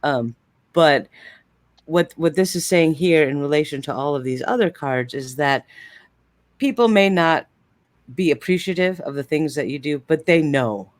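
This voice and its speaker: A man giving a live-streamed tarot reading in a gentle, reassuring way, with frequent fillers. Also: on the high side, animated, moderate pace, no room sound, studio quality. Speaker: tarot card reader.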